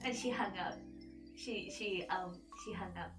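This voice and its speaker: A woman's voice: mid-range voice, measured pace. A woman VTuber streamer chatting casually while she draws, telling a story in a rambling way with frequent restarts. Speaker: VTuber streamer and webtoon artist. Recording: echoey room, mic at a distance, background music. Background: background music.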